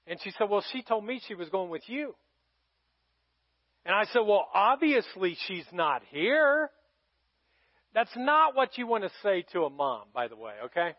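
Male pastor, middle-aged, high-pitched, dry close sound, slightly dull audio, chatty sermon storytelling. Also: sing-song, normal speed, no echo. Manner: conversational, dramatic swings from loud to hushed.

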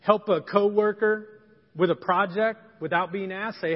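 A man's voice: high-pitched, fairly even intonation, measured pace. A man preaching a sermon, telling a story in a conversational, folksy and emphatic way. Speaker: pastor. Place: church sanctuary. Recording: dull lo-fi sound with long hall reverb.

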